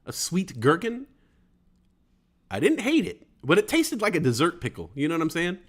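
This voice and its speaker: A man in his forties hosting a casual live stream, joking and reading chat comments aloud. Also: a little high. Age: 40s. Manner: animated and jokey, acts out quoted voices. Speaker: livestream host reading chat.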